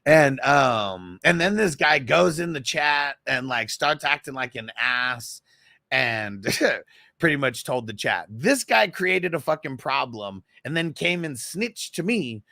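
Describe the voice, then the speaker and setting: Host telling a story, gravelly voice, bright, punchy tone, close dry sound, profane and rambling. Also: male voice, medium pitch, expressive, slow, no room sound. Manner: profane, rambling, with frequent laughs. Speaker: fantasy football show host. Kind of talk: casual storytelling rant.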